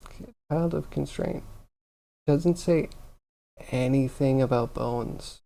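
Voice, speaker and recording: Exasperated gravelly-voiced male streamer. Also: medium pitch, takes it slowly, mellow. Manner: exasperated venting, complaining aloud to viewers. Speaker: livestreamer. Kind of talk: casual livestream chat while working on a computer.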